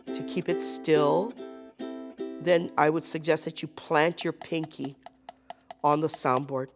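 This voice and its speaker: A woman teaching a live group ukulele lesson, counting beats aloud and checking in with the class. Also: low-pitched. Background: ukulele playing.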